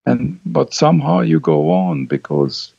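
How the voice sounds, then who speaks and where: An older man, a film director, reminiscing as an interview guest, halting, with many restarts. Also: mid-range voice, huge pitch swings, vocal fry, mellow, slightly rough, dry recording. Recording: dull lo-fi sound.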